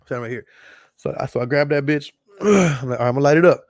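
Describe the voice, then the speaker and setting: Podcast host, male, rambling and profane, slightly high voice, dry close recording. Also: fast, darkish tone, no room sound. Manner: rambling, profane, repeats himself. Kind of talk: casual storytelling monologue.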